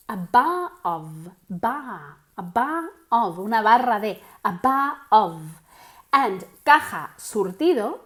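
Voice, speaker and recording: An Australian woman leads an online English lesson for Spanish speakers. Her voice sits a little high, and she explains patiently. She keeps checking in with "okay?" and slips into Spanish. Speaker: English teacher.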